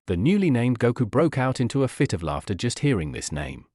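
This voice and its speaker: Guy reading a story, pitch moves a lot, dry close sound. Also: very animated, fairly quick, few pauses, darkish tone, no echo. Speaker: narrator. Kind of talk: storytelling narration.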